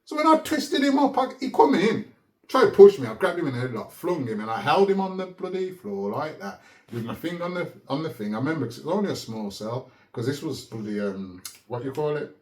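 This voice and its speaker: Animated man in an echoey room. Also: on the high side, a little fast. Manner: animated, laughs often, keeps checking in with "yeah?". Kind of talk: casual conversational storytelling. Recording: roomy echo.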